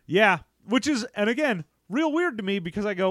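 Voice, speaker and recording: A man co-hosting a casual movie recap chat, animated and acting out lines in funny voices. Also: high voice, brisk, hardly any pauses, dry recording, studio quality. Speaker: podcast co-host.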